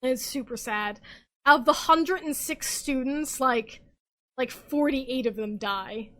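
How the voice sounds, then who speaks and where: A young woman podcast host, drunk, rambling excitably and swearing as she recaps a story in casual chat. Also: high-pitched, a little slow.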